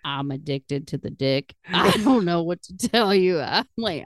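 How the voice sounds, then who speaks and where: A middle-aged woman tells stories on her podcast in a loose, profane chat and laughs as she goes. Her voice sits fairly low but swings widely in pitch. The sound is close and dry. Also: unhurried, hardly any pauses, no room sound. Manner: profane, animated, laughing while she talks. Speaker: podcast host. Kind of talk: casual storytelling chat.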